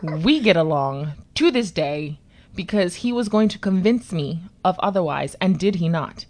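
A woman telling a story in a relaxed chat, lively and playful, acting out the people she talks about. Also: fairly low pitch, a little slow. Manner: lively, animated, acts out voices in her story.

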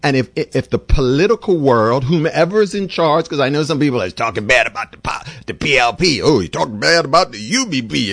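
A man's voice: fairly bright tone, no echo. A doctor and show host, a man, giving an impassioned, rambling monologue. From Bermuda. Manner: impassioned, rambling, pitch swinging widely. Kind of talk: opinionated monologue.

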